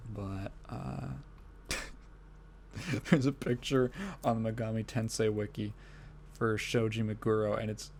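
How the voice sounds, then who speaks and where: A man's voice: medium pitch, darkish tone. A man hosting a solo gaming podcast in a casual, rambling way, swearing freely and often breaking into laughter. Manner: rambling, profane, laughs often mid-sentence. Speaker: podcast host.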